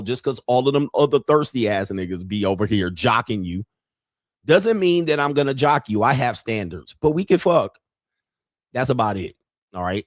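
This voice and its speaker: A man's voice: medium pitch, lively intonation, moderate pace, no room sound. Middle-aged guy on a livestream, crude and joking, dead dry sound. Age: 50s. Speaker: livestream host. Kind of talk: casual livestream commentary.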